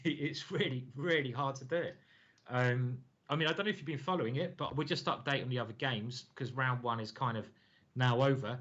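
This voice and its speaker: An English man talks through chess games in a loose, joking stream-commentary way. He laughs often and is chatty. His mid-pitched voice comes through a dull, lo-fi stream recording. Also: brisk, a bit bright. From England.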